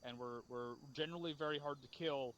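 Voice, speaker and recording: A man's voice: mid-range voice, a little fast, fairly bright tone, dull audio, slight background noise. A man leading a game unit's after-action debrief, blunt and profane as he scolds. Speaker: unit leader.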